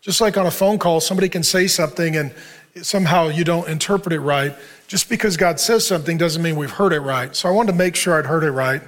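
A middle-aged man preaching in a relaxed, conversational style, sharing a story earnestly. His voice sits a touch higher than most men's. He leads his listeners with sincere conviction. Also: quick pace. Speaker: pastor. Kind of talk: sermon to a men's group.

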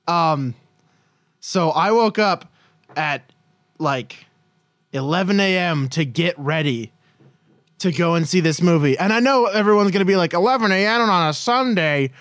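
Young male co-host, profane self-mocking rambler, slightly high pitch. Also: a little slow, pauses often, fairly bright tone, no echo. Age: young adult. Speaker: podcast co-host. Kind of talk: casual movie review chat.

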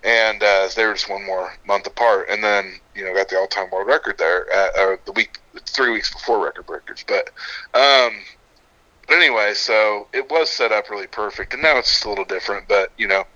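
A middle-aged man, a gym owner and coach, chatting casually on a podcast, relaxed and swearing freely as he tells stories. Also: lowish voice. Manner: laid-back, swears freely, drawn-out storytelling. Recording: muffled lo-fi audio.

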